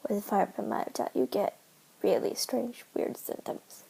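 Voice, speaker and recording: A young woman in her twenties talks straight to her camera, earnest and emotional, often sinking into a whisper. Her voice sits high and husky, with a mellow, gravelly edge. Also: expressive, unhurried, low-quality recording. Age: 20s. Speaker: vlogger. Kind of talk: personal vlog, talking to camera.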